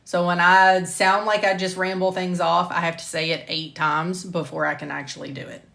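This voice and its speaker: A woman's voice: fairly low pitch, level tone, normal speed, vocal fry, fairly bright tone. A middle-aged woman with a light Southern US accent, recording a pharmacology lecture for a medical coding course and breaking off into chatty asides about her mistakes. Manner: reads slides carefully, then chats with self-deprecating asides and laughter. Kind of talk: recording a scripted lecture on a live stream.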